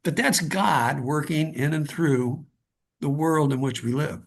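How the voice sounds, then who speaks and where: Middle-aged male guest, fairly high voice with a husky rasp, earnest and halting. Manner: earnest, halting, repeats words when starting a thought. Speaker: guest author. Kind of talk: conversational storytelling.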